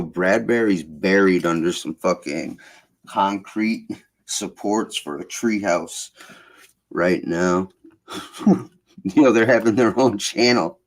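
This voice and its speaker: A man hosting a casual group voice chat, ranting in a profane, animated way. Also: lowish voice, takes it slowly, long pauses. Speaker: host.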